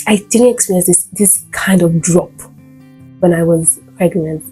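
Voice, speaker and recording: A young woman vlogging casually about new motherhood, chatty with many fillers and sudden animated bursts. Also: fairly low pitch, unhurried, breathy edge, rough recording. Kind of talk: casual storytime vlog. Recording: faint guitar music behind.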